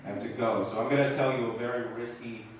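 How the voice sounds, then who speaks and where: A young man doing a stand-up set in a small comedy theater, animated and loud when he acts out lines to the crowd. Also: medium pitch, fast, heavy reverb, recorded from a distance, a little hiss or hum, rough recording.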